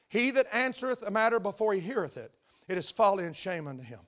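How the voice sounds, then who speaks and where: An older male pastor preaching to his congregation in church. He speaks in a fairly high voice and keeps throwing questions out to the room, stressing his points. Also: expressive, fast, a bit bright. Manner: emphatic, call-and-response questions to the congregation. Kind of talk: sermon. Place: church sanctuary.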